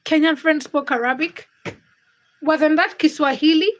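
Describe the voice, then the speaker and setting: A woman's voice: high-pitched, fairly even intonation, unhurried, a little hiss or hum, rough recording. A woman hosting a casual livestream from her home kitchen, reading viewer comments and teasing her chat while she cooks. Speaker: livestream host.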